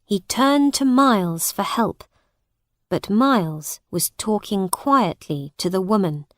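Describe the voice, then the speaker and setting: A woman narrating a graded-reader audiobook with a very slow, clear reading. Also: medium pitch, dry recording, clean studio sound.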